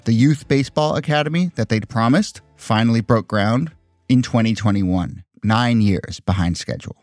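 A man's voice: medium pitch, normal speed, darkish tone, dry recording, clean studio sound. A man hosting a podcast, narrating in a wry, conversational and skeptical way. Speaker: podcast host. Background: faint music.

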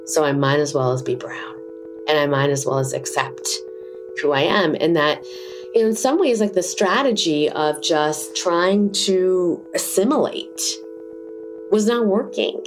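A woman's voice: low-pitched, measured pace, noisy background. A middle-aged woman, an interview guest, telling a personal story candidly and animatedly, acting out the voices she quotes. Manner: animated, acts out quoted voices, many fillers.

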